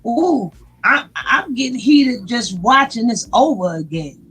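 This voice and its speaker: Woman commentator, high and unhurried, full of exclamations. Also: expressive, a bit bright, slightly rough, rough recording. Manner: exclamatory, slow drawl. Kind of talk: reaction commentary.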